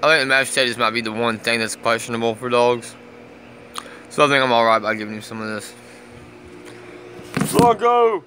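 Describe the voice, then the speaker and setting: A man's voice: medium pitch, steady tone, quick pace, sharp tone, a little hiss or hum. A man vlogging casually on his lunch break, talking in laid-back slang and fondly to his dog. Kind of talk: casual vlog chat. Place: work site on a lunch break.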